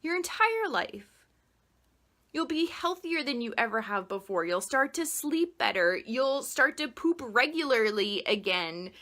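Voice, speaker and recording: A woman with a bright, slightly high voice teaches meditation in an excitable, casual way. She swears freely and leans on "like" as she talks. When she guides a breathing count, she turns soft and quiet. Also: moderate pace, few pauses.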